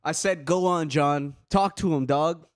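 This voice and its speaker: A man's voice: a little high, measured pace, clear, resonant tone, no room sound, clean studio sound. A man co-hosting a comedy call-in show, heckling the caller, swearing and laughing. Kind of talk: loose, profane comedy banter.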